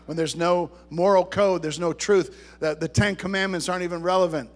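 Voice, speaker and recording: A man's voice: high voice, fairly even intonation, normal speed, faint music behind. A man preaching a sermon to a congregation, talking conversationally, joking with the listeners, and rising to emphatic bursts. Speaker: pastor.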